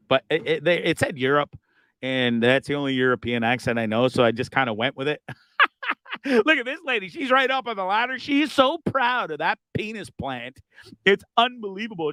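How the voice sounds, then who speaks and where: A man hosting a livestream, rambling through casual comedic chat with an animated manner and crude jokes. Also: a little high, moderate pace, dry recording. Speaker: livestream host.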